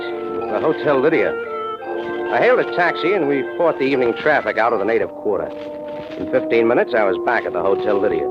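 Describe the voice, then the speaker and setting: A man's voice: mid-range voice, close to an everyday voice. An actor narrating as a dry, wisecracking hard-boiled male detective in a 1940s radio drama. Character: tough, wry male private eye. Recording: dull vintage radio with music bed.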